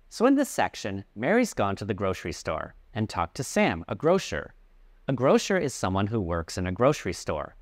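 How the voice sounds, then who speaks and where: Lively, low-voiced male English teacher. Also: moderate pace, dry recording, clean studio sound. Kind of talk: reading a story aloud and explaining vocabulary.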